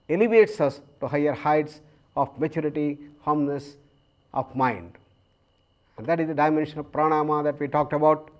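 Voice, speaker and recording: A man with an Indian English accent teaches yoga breathing in a calm, measured lecture. His voice sits a little high for a man, and he leaves long pauses between phrases. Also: dull audio. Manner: chants Sanskrit verses slowly.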